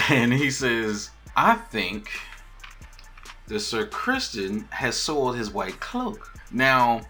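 A man hosting a podcast, recapping a TV episode in a loose, animated way and acting out the characters' lines. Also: mid-range voice, takes it slowly, faint music behind. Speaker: podcast host.

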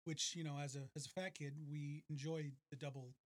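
A man's voice: a little high, steady tone, a little fast. A man in his late thirties co-hosting a casual podcast, teasing his friend with dry humor. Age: 30s. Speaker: podcast co-host.

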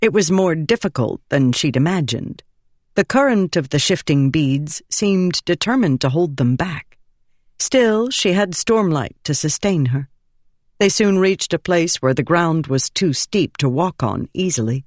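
A woman reading a fantasy audiobook in measured, expressive narration. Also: low voice, no echo.

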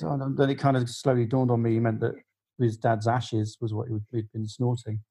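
Middle-aged male guest, music journalist, warm low-key tone, chatty rambling anecdotes. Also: little pitch movement, brisk, slightly rough, poor audio. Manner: rambling storyteller with many fillers and restarts. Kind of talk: casual podcast anecdote.

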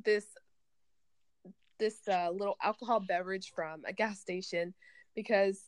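A woman's voice: medium pitch, fairly even intonation, measured pace, no room sound. Chatty rambling woman, dry close sound. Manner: rambling, chatty, laughs often. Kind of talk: casual chat.

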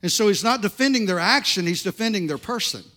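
A middle-aged male pastor preaching a sermon in a church, telling stories in a loud, animated, conversational way. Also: sits high, quick pace. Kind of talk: sermon with storytelling.

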